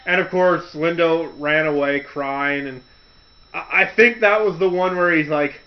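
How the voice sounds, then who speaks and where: A man's voice: fairly high pitch, unhurried, sharp tone. A man casually ranting on a podcast, telling a story in a rambling, loose way with restarts. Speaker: podcast host. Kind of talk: casual rant. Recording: dull lo-fi audio.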